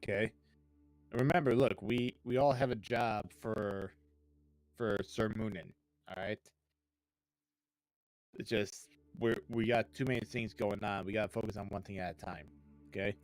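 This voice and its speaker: A man's voice: on the low side, fairly even intonation, normal speed, pauses often, dry recording, poor audio. A man playing his character in a tabletop game, talking earnestly and steadily with many restarts. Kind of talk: in-character role-play.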